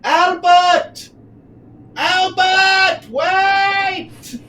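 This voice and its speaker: A man's voice: very high voice, very animated, slow pace, distant mic, heavy background noise, full character voice. A man voicing a flustered man who hurries after a friend and calls out in a frantic, scattered way. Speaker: performer in a telepresence rehearsal.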